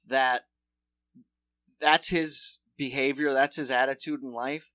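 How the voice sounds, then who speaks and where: Podcast co-host, male, bright dry voice, animated swearing storyteller. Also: medium pitch, slow, no room sound. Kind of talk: casual chat.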